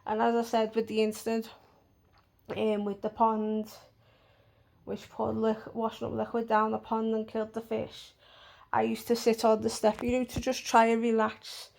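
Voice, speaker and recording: A woman's voice: on the high side, completely flat delivery, moderate pace, gravelly, darkish tone. A woman telling a storytime vlog bluntly, with plenty of swearing. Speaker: vlogger.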